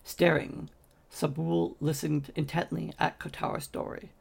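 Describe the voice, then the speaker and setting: A man reading a fantasy novel aloud in a steady storytelling manner, with occasional slips and restarts. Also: fairly high pitch, measured pace, vocal fry, husky. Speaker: audiobook reader.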